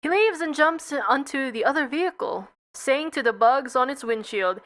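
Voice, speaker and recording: A woman's voice: high-pitched, animated, moderate pace, few pauses, a bit bright. A young woman casually reading a script's stage directions aloud, tripping over words now and then. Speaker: narrator. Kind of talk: playful script read-through.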